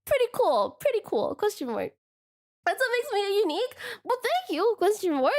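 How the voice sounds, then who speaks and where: A bubbly young woman streams live and chats with her viewers. She has a non-native English accent, and her high voice swoops up and down. She giggles through casual banter at a desk mic. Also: very animated, normal speed. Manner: bubbly, giggly, says "question mark" as a verbal tic. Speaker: VTuber streamer.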